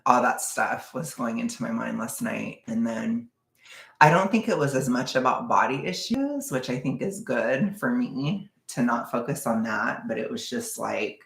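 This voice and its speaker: A young adult livestream host reads chat and rambles loosely, making jokes at their own expense and laughing often. Their mid-pitched voice is full of fry, with lively intonation, a measured pace and a fairly bright tone, echoing around the room.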